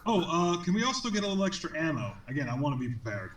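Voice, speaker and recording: A man's voice: on the high side, very animated, very fast, background noise. A man playing a tabletop game, eager and joking in character. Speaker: player.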